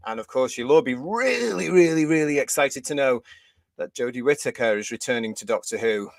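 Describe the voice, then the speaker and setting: A man's voice: medium pitch, lively intonation, fairly quick, vocal fry, no room sound. A British man hosting a live fan show, talking in a teasing, sarcastic way and laughing often. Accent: British English. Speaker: host. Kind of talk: livestream panel chat.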